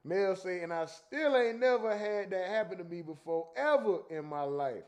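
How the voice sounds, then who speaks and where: A man's voice: sits high, expressive, normal speed, darkish tone. A man hosting a casual livestream, reading chat comments aloud and joking about them.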